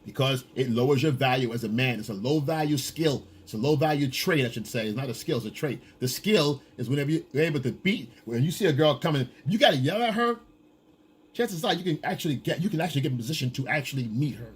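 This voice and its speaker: A man's voice: medium pitch, lively intonation, fast, husky. A man giving blunt, profane, lecturing dating advice in a casual coaching monologue.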